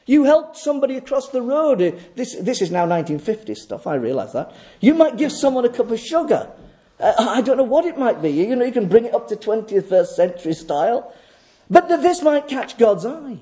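A male preacher delivers a sermon with a high, lively voice that rises and falls widely. His tone is mellow, and he drives points home by repeating phrases and asking rhetorical questions. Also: normal speed.

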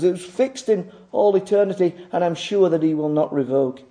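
A man's voice: high voice, moderate pace, hardly any pauses, warm tone. A male preacher delivering a sermon, pressing his listeners with rhetorical questions and emphatic repetition.

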